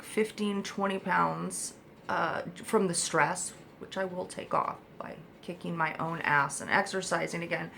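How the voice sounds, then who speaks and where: A mother talks straight to the camera from a room at home, her voice carrying a gravelly, fry-edged texture. She rambles bluntly and emphatically, swearing freely as she urges other parents on. Her pitch sits in an ordinary middle range for a woman, with a faint hiss of background noise. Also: a bit bright. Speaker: mother of an autistic child. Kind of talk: candid advice monologue to parents.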